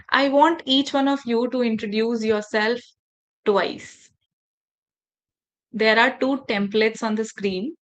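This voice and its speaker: A woman trainer leading an online workshop for teachers over a video call, engaging and often asking the audience questions. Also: fairly high pitch. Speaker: faculty development trainer.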